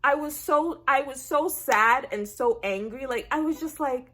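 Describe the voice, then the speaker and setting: A woman recapping a TV episode in a casual, animated way, acting out her own reactions and leaning on "like" and "I said". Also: sits high, measured pace. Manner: chatty, heavy use of "like" and "I said". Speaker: TV recap vlogger.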